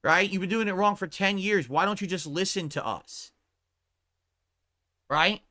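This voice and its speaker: A male streamer launches into an angry, profane livestream rant, repeatedly checking his point with "right?" His voice is high-pitched and sharp, though he doesn't hurry.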